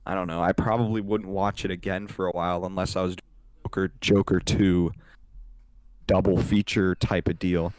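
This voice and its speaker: A young man chats loosely on a podcast, his voice sitting a little low. He rambles, swears freely and leans on fillers. The sound is close and dry with no room in it. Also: level tone, moderate pace, darkish tone, clean tone, no echo. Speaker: podcast co-host. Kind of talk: casual chat.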